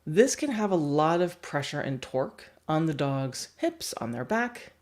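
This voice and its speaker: A woman's voice: low voice, big pitch swings, measured pace, a little mellow. A woman dog trainer explaining a training lesson on a livestream, asking the viewers questions and laughing often.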